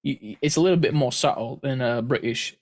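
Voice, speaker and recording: A man's voice: medium pitch, fairly quick. Rambling, joking podcast co-host man. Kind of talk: casual chat.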